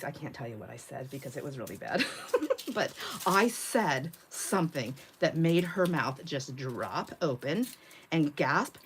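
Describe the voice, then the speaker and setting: A woman's voice: low-pitched, a little hiss or hum. A middle-aged woman hosting a craft livestream who tells stories in a casual, chatty way, laughs often and acts out the quotes. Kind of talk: casual chat while crafting.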